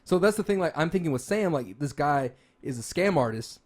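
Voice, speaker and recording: A slightly high male voice with lively intonation and a brisk pace belongs to a podcast co-host. He chats enthusiastically and casually about games and movies, rambling and restarting often amid fillers.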